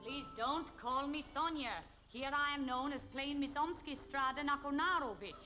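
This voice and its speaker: A woman's voice: high voice, normal speed, natural voice. An actress playing a haughty female master spy, prim and scornful, in a 1960s TV comedy sketch. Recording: 1960s TV soundtrack with music.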